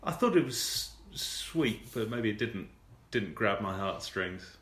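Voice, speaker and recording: A man's voice: on the low side, lively intonation, measured pace, a bit bright, echoey room. A man co-hosting a casual film chat, with wry, dry understatement. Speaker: podcast co-host.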